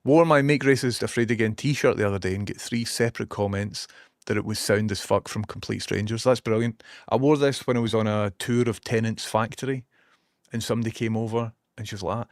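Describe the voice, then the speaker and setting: A man's voice: on the low side, fairly even intonation, a little fast, dry recording, studio quality. A Scottish man streaming from a small basement room, rambling casually, swearing now and then and reading out viewer messages. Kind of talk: casual live-stream chat.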